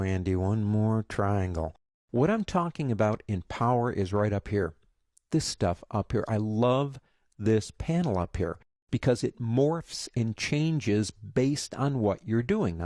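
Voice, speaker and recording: A man teaching a software lesson, chatty and guiding step by step with joking asides. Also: on the low side, dry recording, studio quality. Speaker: software instructor. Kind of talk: screen-recorded tutorial.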